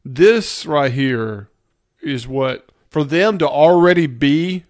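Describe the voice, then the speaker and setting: A man's voice: on the high side, slow. A man co-hosting a podcast, breaking down a TV episode in casual chat, emphatic and explaining his points step by step. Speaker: podcast co-host.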